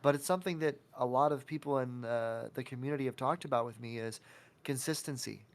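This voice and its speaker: A man's voice: mid-range voice, a little fast. A man hosting a podcast interview, talking casually and giving an encouraging, motivational pep talk. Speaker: podcast host.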